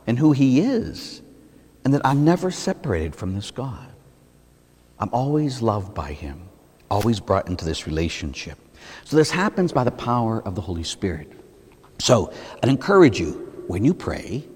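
A man's voice: mid-range voice, breathy edge. A Catholic priest, a man, preaching a conversational sermon full of rhetorical questions and acted-out examples. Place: church. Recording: long reverb of a church.

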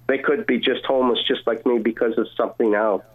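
Heard over a phone line, a male caller with a steady, mid-range voice quickly shares a personal faith story. His testimony is earnest and emotional, and he quotes dialogue as he retells it.

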